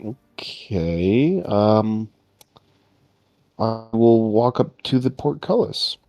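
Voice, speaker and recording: A man's voice: fairly low pitch, lively intonation, very slow, warm tone, dry recording, soft background music. A man playing a tabletop game, talking casually in a hesitant, questioning way. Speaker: player.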